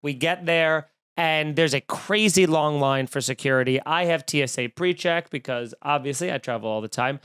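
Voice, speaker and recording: Snarky high-voiced male comedian. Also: normal speed, hardly any pauses, a bit bright, clean tone, no echo, studio quality. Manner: snarky, profane, ranting. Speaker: comedian podcast host. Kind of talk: casual comedic storytelling.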